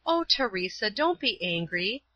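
A woman's voice: mid-range voice, big pitch swings, a little slow, no room sound, dull audio. A woman voicing a stubborn, resentful young schoolgirl in a storybook reading, complaining indignantly.

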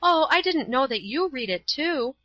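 A woman voicing an eager, excitable young schoolgirl in a storybook reading. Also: high voice, normal speed, no echo, voice pushed up. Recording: slightly dull, dry recording.

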